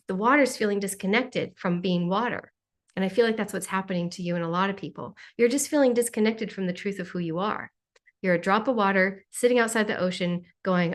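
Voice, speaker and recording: A woman's voice: medium pitch, a little fast. A woman hosting a spiritual Q&A on a live video call, talking in a playful, joking way with sarcastic asides. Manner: playful, jokey, sarcastic asides, mimics voices.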